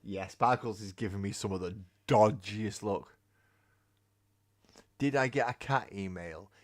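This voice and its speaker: A man's voice: lowish voice, measured pace. A man hosting a casual live stream while painting miniatures, rambling, joking and swearing freely. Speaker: hobby streamer. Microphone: webcam mic.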